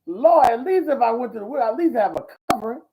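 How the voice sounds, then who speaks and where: Excitable church guy hosting a show, preachy and folksy, voice jumps all over, muffled lo-fi audio. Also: very high voice, fast, a little hiss or hum. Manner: exclamatory and repetitive, whooping with excitement. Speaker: host. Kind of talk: live ministry talk show. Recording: dull lo-fi audio.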